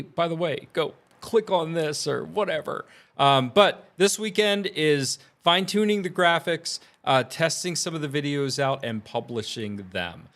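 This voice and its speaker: Man, tech vlogger, casual rambling chat, animated, bright tone. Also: medium pitch. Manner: rambling, lots of fillers, laughs easily.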